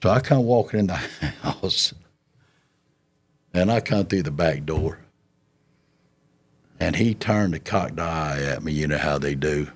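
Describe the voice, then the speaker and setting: A man's voice: extremely low pitch, measured pace, long pauses. A man telling a long story in an interview, folksy and drawling, chuckling as he goes. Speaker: interview guest recounting his past.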